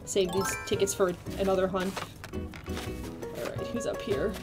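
A young woman live-streaming a video game, excitable and quick to squeal and laugh as she chats with her viewers. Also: mid-range voice, over loud music.

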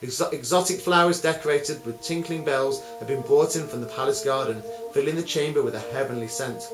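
A man's voice: medium pitch, fairly quick. Man telling a story over music. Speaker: music teacher. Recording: roomy, with music behind.

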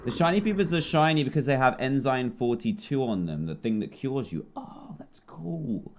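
An animated, fairly quick English voice belongs to a twenty-something man commentating his own games as a YouTuber. A little hiss or hum runs underneath, and he's chatty and jumpy, veering between soft mutters and loud yelps.

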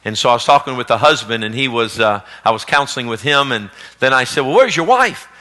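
A man preaching a sermon as pastor, swinging between loud exhortation and hushed storytelling. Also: medium pitch, fairly even intonation, fast. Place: church sanctuary, live service. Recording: long reverb of a church hall.

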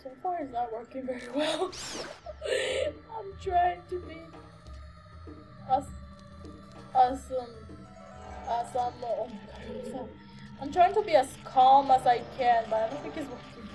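A woman's voice: high-pitched, a little slow, long pauses, mellow, soft background music. A young woman giving nervous, jumpy commentary while playing a video game, gasping and exclaiming as she goes. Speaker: let's play gamer. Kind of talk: frightened gameplay commentary.

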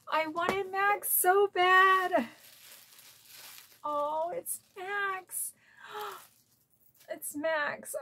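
Gushing, slow-talking woman from Florida. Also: sits high, a bit bright. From Florida, USA. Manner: gushing, emotional, easily moved to tears. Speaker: collector vlogger. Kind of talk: gift unboxing vlog.

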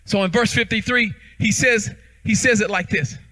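High, bright-voiced preaching pastor. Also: male voice, normal speed, rough recording. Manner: preaching with shouts and sung cadences. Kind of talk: charismatic sermon. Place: church sanctuary.

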